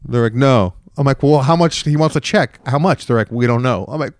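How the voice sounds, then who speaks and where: A man's voice: medium pitch, a little fast, dry recording. A man hosting a podcast, telling a long and rambling story in casual chat. He often restarts his sentences and briefly acts out the other people in it. His voice sounds dry and close, with little room sound. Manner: rambling, animated retelling with many restarts. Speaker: podcast host.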